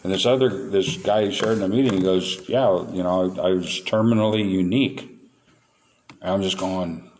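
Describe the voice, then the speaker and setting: A man speaking at a recovery meeting, telling his story candidly and with self-mocking humor. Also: fairly low pitch.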